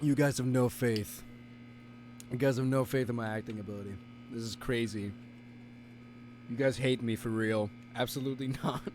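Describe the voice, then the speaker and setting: A man's voice: medium pitch, steady tone, normal speed, pauses often, noisy background. A male streamer chatting casually and playfully with his audience, teasing and theatrically indignant. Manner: playful, theatrical, bickering with chat. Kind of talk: casual live-stream chat.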